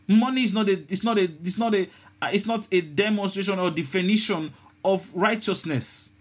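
A man's voice: sits high, husky. A man preaching a sermon, often repeating words and restarting his sentences.

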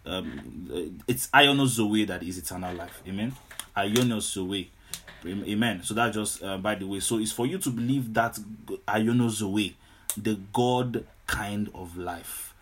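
A man's voice: lowish voice, unhurried, a bit bright, a little hiss or hum. A man preaching a sermon, repeating himself often and breaking in with hallelujahs and amens. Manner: repetitive, exclamatory with frequent hallelujahs and amens. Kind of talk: sermon teaching.

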